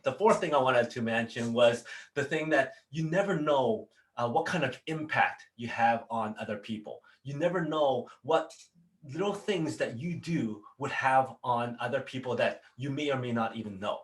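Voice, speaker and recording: A man's voice: medium pitch, normal speed. A man hosting a motivational business talk, speaking earnestly with repetitive phrasing and frequent fillers. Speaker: business coach and show host.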